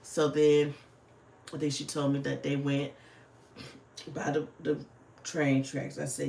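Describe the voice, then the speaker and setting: A woman's voice: deep voice, level tone, slow pace, vocal fry, pauses often, a little mellow, echoey room, a little hiss or hum. A woman, chatting casually and swearing freely on a livestream. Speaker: livestream host. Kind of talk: casual livestream chat while planning.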